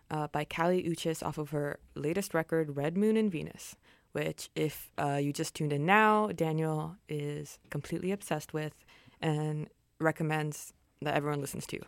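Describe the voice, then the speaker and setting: A young woman co-hosts a college radio show, talking in a loose, rambling way full of "um" and "like". Her voice sits a little low and comes through smooth and clear. The studio mic gives a close, dry sound. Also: no room sound. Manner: chatty, rambling, many fillers. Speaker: campus radio co-host. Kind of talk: casual radio chat. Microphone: studio microphone.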